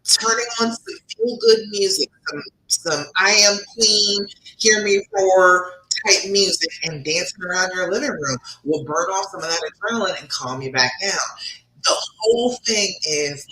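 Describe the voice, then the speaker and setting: A woman relationship coach giving an emphatic live-streamed talk, swinging between loud and soft as she makes her points. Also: moderate pace. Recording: echoey room with faint rumble.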